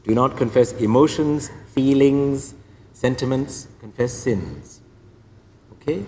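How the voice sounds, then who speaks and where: Joking priest preaching in a hall. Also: male voice, medium pitch, slow. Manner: lively, joking, acts out penitents. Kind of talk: humorous sermon. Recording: reverberant hall, faint noise.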